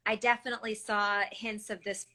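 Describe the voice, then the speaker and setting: A woman, a voice actor, chatting casually on a video call in a slow, easygoing way. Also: medium pitch, level tone, bright, forceful tone. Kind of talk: casual chat.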